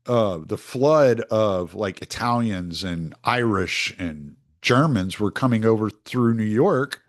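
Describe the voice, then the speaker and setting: A man from the United States talking through a casual, rambling monologue as a podcast host, opinionated and full of restarts. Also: mid-range voice.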